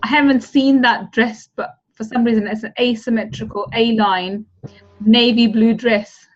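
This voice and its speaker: A woman's voice: a little high, fairly even intonation, moderate pace, lo-fi sound, faint music behind. A woman coaching a manifestation group over a video call, guiding a visualization and calling people honey and darling.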